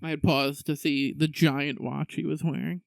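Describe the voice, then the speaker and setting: A man co-hosting a casual podcast, jumping in with excited asides. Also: a little high, gravelly, dry recording. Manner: excitable, laughs, adds quick asides. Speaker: podcast co-host.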